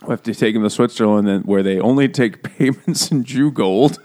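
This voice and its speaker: A man's voice: medium pitch, fairly quick. A man co-hosting a casual book chat, joking and laughing often as he acts out the characters' lines. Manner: jokey, laughing often, animated quoting of characters. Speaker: podcast co-host.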